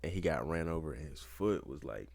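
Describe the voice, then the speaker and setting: A man co-hosting a casual podcast who reacts fast, laughs easily and swears a lot. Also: rumbling low, creaky, no room sound. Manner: reactive, quick to laugh and swear, very lively intonation. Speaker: podcast co-host. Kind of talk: casual chat.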